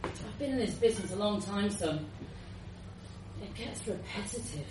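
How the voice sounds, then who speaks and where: A woman doing a jaded policeman who can't be bothered, dry and offhand. The voice drifts widely in pitch, heard from a distance in a roomy live space. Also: animated, moderate pace, background noise, close to an everyday voice. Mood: weary. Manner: laconic, dry, world-weary. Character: bored cynical male policeman.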